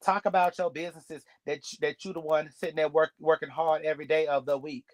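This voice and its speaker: A man's voice: fairly high pitch, flat delivery, quick pace. A man giving a sassy, blunt, gossipy recap of a reality show episode. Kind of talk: casual recap commentary.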